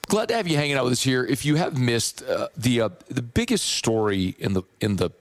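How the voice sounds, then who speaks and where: A hoarse man hosting sports radio, playful and rambling. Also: mid-range voice, lively intonation, fairly quick. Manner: playful, rambling, riffs on pronunciation. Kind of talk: casual radio talk with live ad read.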